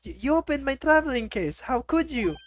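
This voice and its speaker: A woman's voice: high-pitched, big pitch swings, a little fast, no room sound, voice pushed up. A woman voicing a haughty woman passenger who hurls dramatic accusations. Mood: accusing.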